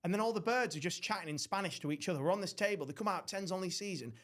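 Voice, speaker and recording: A man's voice: high-pitched, very fast. A young man hosting a podcast, telling rowdy stories in casual chat with lots of swearing and mimicked voices. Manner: swearing, animated, mimics others. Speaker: podcast host.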